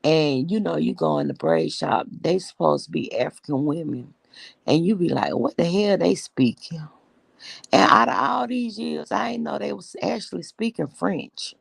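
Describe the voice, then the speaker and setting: A woman's voice: on the low side, lively intonation, normal speed, vocal fry, breathy edge, no room sound. A woman hosting a casual live stream, telling stories bluntly and with profanity as she greets viewers.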